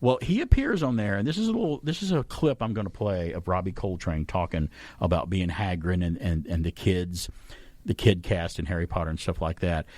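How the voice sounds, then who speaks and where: A man's voice: sits low, a little fast, darkish tone, dry recording. A man hosting a talk radio show, chatting at length and correcting himself as he rambles along. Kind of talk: casual chat radio talk. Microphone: studio microphone.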